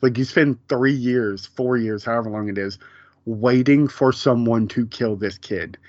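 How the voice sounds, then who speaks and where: A man's voice: medium pitch, a little slow, no echo. Rambling man on a dull, dry mic. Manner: rambling, many fillers and restarts. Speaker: podcast co-host. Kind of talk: casual chat.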